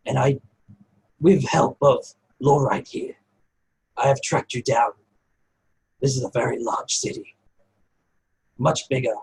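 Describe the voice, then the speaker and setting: A man's voice: mid-range voice, steady tone, takes it slowly, long pauses, a little mellow, slight background noise, natural voice, poor audio. A man voicing a small, cryptic, smug male goblin scholar.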